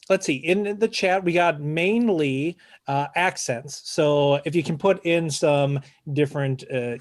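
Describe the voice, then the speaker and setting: A man hosting an improv comedy show, upbeat and laughing often. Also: on the high side.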